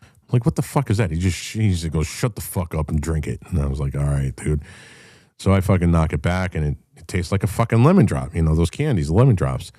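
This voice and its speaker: Male host, deep mellow voice, dry close sound, blunt profane storyteller. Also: very animated, a little fast, no room sound. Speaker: show host. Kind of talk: casual call-in chat.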